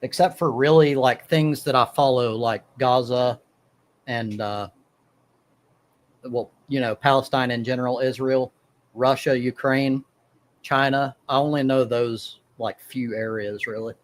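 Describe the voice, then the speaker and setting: A man's voice: mid-range voice, steady tone, unhurried. A man hosting a livestream, chatting casually and swearing freely. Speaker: streamer.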